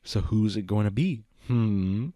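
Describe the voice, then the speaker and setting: A man's voice: lowish voice, unhurried, warm tone, no echo, clean studio sound, close to an everyday voice. A man voicing a mischievous, smug male chaos spirit in a storybook reading, teasing and drawn out.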